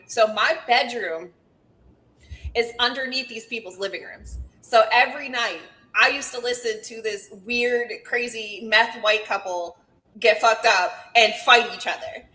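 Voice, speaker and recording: A young woman with a bright, forceful voice, a bit higher than most, talks bluntly and jokes as she tells a story. Her chat is loose and casual, with plenty of swearing. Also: poor audio.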